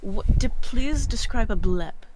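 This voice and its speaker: A woman's voice: fairly high pitch, animated, a little slow, noisy background. Curious, polite woman at tabletop game. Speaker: player voicing a character. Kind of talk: tabletop role-play.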